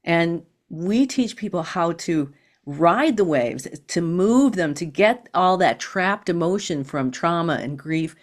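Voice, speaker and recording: A woman guest on an interview podcast, explaining ideas in a calm, teaching manner. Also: on the low side, takes it slowly. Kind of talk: interview conversation.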